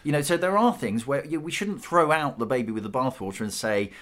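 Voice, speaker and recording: A man's voice: medium pitch, animated, brisk, a bit bright. A middle-aged British man in a panel discussion, thinking aloud with frequent restarts. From Britain. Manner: thoughtful, restarts often. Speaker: panel guest.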